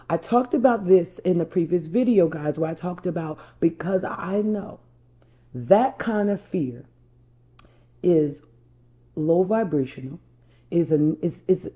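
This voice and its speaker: A New Jersey life coach with a low, mellow voice tells viewers a personal story directly. She speaks emphatically, repeats herself and calls her audience y'all.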